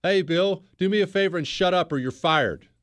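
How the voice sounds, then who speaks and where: A man's voice: high-pitched, moderate pace, fairly bright tone, no echo, clean studio sound, voice pushed up. A man voicing a dismissive male office boss in a mocking way.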